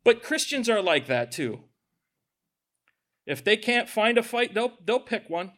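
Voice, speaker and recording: A male pastor preaching a sermon in a lively, conversational way, with asides to the congregation and acted-out quotes. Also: sits high, a little slow.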